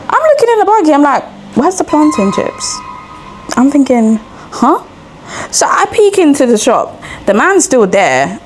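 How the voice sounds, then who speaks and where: A woman's voice: medium pitch, slight background noise. A young woman, a sleep-deprived new mother, telling a rambling story in a casual vlog while walking outdoors. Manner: chatty, rambling, animated retelling. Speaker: vlogger. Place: outdoors on a street walk.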